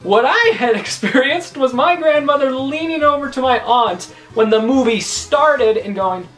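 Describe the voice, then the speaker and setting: A woman's voice: high-pitched, animated, unhurried, soft background music. A young adult woman hosting a video, ranting in an exasperated, emphatic way and repeating her points. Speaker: YouTube host. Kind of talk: comedic vlog rant.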